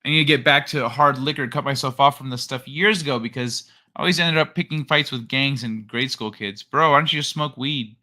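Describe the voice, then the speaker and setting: A man's voice: mid-range voice, fairly quick, few pauses, bright, forceful tone. A man hosting a livestream, chatting casually, swearing and stumbling as he reads news aloud. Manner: swears, stumbles over read text. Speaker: livestream host.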